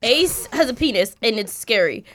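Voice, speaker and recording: A young woman, a mother and podcast host, telling a story in casual chat, expressive, swearing and laughing often. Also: fairly high pitch, moderate pace.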